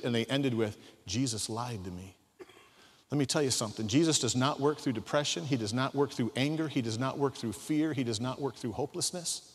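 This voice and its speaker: A man preaching a sermon, emphatic, swinging from soft asides to loud acted-out quotes. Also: medium pitch. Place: large hall. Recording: long hall reverb.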